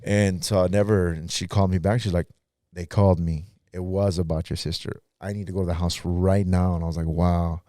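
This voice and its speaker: A man's voice: sits low, flat delivery, a little fast, dark tone, no room sound. A pastor guest in a podcast interview, telling his own story in a casual, earnest way and acting out what others said.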